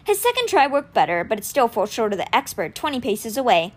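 A woman reading a novel aloud for a podcast, telling the story in an expressive way. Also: fairly high pitch, a little fast. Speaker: audiobook reader.

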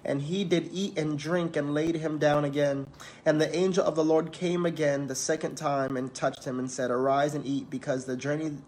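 A man preaching, reading scripture aloud and talking to the congregation in a conversational way. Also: a little high. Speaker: preacher and counselor in training.

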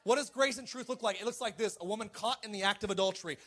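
A middle-aged man preaching a sermon as pastor, animated and joking, with sudden shouted peaks and mocking quoted voices. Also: high-pitched, fast, few pauses.

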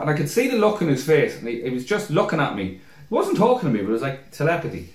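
A young man with a fairly high voice tells stories in casual chat. His pitch swings widely as he mimics people and swears freely. The room around him is echoey. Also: wildly swooping pitch, quick pace. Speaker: podcast co-host.

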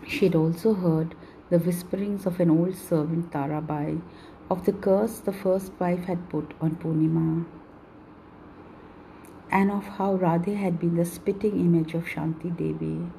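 A woman reads a novel aloud in a husky, steady voice. Her tone is dark and mellow, and the low register has a gravelly fry. She keeps a calm, measured pace. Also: slight background noise, low-quality recording. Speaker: narrator. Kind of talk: storybook reading.

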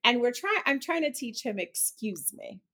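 A woman speaking as an interview guest, outspoken and expressive, with casual swearing. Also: sits high, fairly quick. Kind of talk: candid conversational interview.

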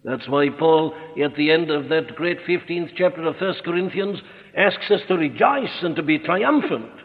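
A man preaching an expository sermon, earnest and emphatic, slowing down to stress his points. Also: on the high side, expressive. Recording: echoey hall on a tinny narrow-band recording.

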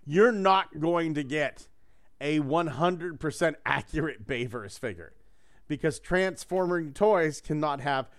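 A man chats casually on a podcast, rambling and joking and swearing freely. His voice sits a little higher than most men's. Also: lively intonation, measured pace. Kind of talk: casual chat.

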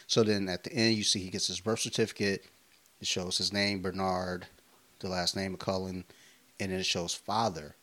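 Man, very deep voice, casual podcast chat, profane, animated storyteller. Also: moderate pace. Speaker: podcast co-host.

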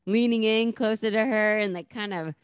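A woman's voice: mid-range voice, normal speed, smooth, no room sound, studio quality. A woman chatting casually, retelling a sitcom episode and laughing along.

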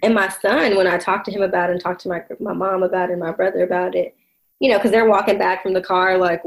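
A woman's voice: medium pitch, steady tone, quick pace, rough recording. A woman telling a personal story in casual conversation, reflective, with many fillers and restarts.

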